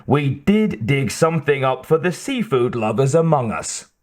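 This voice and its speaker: A man's voice: medium pitch, very animated, normal speed, darkish tone, close to an everyday voice. A man reading an audiobook, voicing a cheerful male cook who serves dinner heartily. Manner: hearty, upbeat.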